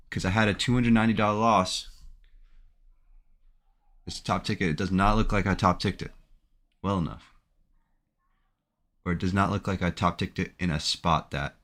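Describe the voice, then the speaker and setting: A man's voice: low voice, fairly bright tone. A man giving live commentary on his own trades, talking to himself in an anxious, emotional way. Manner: anxious, emotional self-talk. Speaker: day trader streaming his trading.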